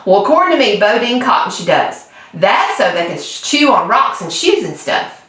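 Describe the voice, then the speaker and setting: A woman's voice: medium pitch, sing-song, normal speed, fairly bright tone. A woman voicing a sly, ornery little country boy. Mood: know-it-all. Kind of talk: storybook read-aloud. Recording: echoey room, distant mic.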